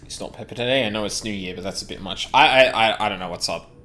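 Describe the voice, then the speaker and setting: A man's voice: fairly low pitch, fast, sharp tone, faint music behind. A man streaming a game, chatting casually, swearing now and then, and reading quest text aloud. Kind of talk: casual chat while playing a game.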